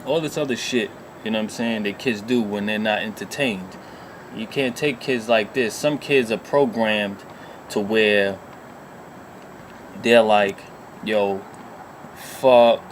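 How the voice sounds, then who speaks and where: A man spins a long personal story in a casual vlog. His voice sits low, and his talk rambles along, profane and full of filler phrases. A faint noise runs behind him. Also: unhurried. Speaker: vlogger.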